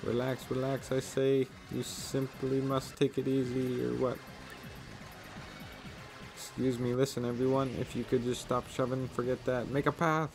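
A man voicing a vain, theatrical male merchant from a video game, with a grandiose, drawn-out lordly delivery. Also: low voice, music in the background. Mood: flustered. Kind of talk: reading game dialogue aloud.

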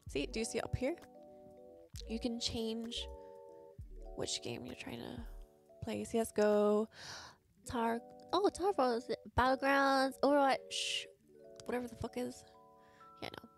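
Female streamer, casual and profane at her home PC, slightly high voice with gravelly fry. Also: fairly even intonation, takes it slowly, pauses often, faint music behind. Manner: chatty, swears casually while practicing aim. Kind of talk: casual livestream chat.

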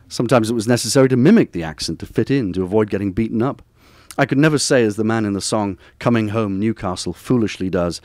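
A man with a low voice reads his own essay aloud at a bookstore event. His delivery is measured and wry, with a literary cadence. The sound is dry and close. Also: a little mellow, dry recording. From Durham, northern England. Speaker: author reading from his book. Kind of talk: reading aloud from a personal essay.

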